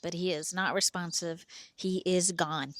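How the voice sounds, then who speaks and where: A woman's voice: lowish voice, fairly even intonation, a little slow, a bit bright, slight background noise. A middle-aged woman telling a personal story in a vivid, earnest present-tense voice. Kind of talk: personal story told to camera.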